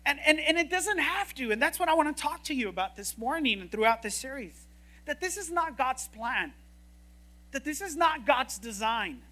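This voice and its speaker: A woman preaching a sermon in an animated, joking, emphatic way. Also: high-pitched, normal speed.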